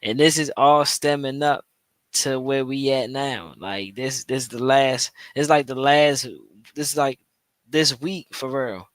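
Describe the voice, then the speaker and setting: A man's voice: medium pitch, a little slow, a bit bright, dry recording. A man hosting a podcast, reacting to a played clip in casual, slangy commentary full of restarts and repetition. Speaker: podcast host.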